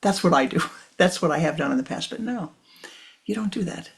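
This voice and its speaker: Older woman, spiritual teacher, low voice, gravelly, soft half-whispered delivery, repetitive emphasis. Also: lively intonation, brisk.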